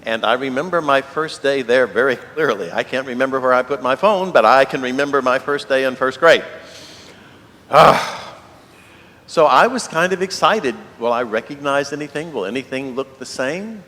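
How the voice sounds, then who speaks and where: A man's voice: a little fast, hardly any pauses, a bit bright. A man, a priest giving a homily in an easygoing, storytelling way with rhetorical questions. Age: 70s. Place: large church. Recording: long church reverb, faint rumble.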